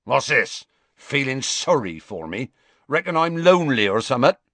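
A man voicing a huge, gruff and grumpy half-giant gamekeeper in an audiobook reading, by turns growling, roaring and sulky. He reads in a very dry, close sound. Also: mid-range voice, big pitch swings, moderate pace, sharp tone, dry recording, voice pushed up, heavily acted.

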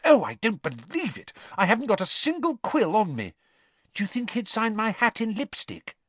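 A man's voice: high-pitched, wildly swooping pitch, normal speed, no room sound, voice pushed up, heavily acted. A man voicing a frantic, giddy teenage schoolgirl starstruck by a celebrity.

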